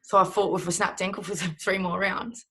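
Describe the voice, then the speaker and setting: A woman's voice: mid-range voice, steady tone, brisk, sharp tone, slightly rough. Chatty Australian woman boxer. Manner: chatty, swears freely, rambling restarts. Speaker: professional boxer, guest. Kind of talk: casual interview chat.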